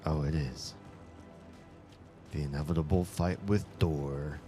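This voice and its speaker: A man's voice: extremely low pitch, fairly even intonation, takes it slowly, warm tone, soft background music. A man playing a video game and commenting casually, with wry, chatty reactions. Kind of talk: casual let's-play commentary.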